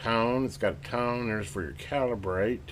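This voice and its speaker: A man hosting a radio repair video, chatting casually and excitedly to viewers as he tests and works at his home workbench. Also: medium pitch, normal speed, slight background noise. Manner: excited, rambling, talks to viewers while working. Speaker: radio repair channel host. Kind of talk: casual hands-on workbench narration.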